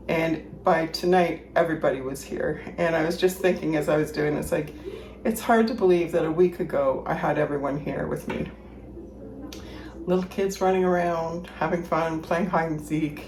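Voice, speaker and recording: A woman's voice: lowish voice, a little mellow, roomy sound, a little hiss or hum. A woman casually chatting while she cooks at home, rambling and thinking aloud, a little out of breath. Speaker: home cooking vlogger. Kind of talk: casual kitchen chat. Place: home kitchen.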